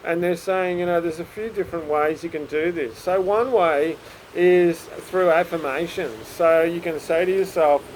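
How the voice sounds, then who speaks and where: A man's voice: high voice, moderate pace, a little mellow, a little hiss or hum, poor audio. Chatty encouraging man. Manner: chatty, encouraging, with many fillers and acted self-talk. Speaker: psychic reader. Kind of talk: casual spoken reading to camera.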